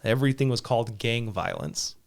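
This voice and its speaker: Male podcast host, casual chat, rambling anecdotes, frequent laughs, middle-pitched voice. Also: animated, fairly quick, vocal fry. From Southern Utah. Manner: rambling storyteller, laughs often.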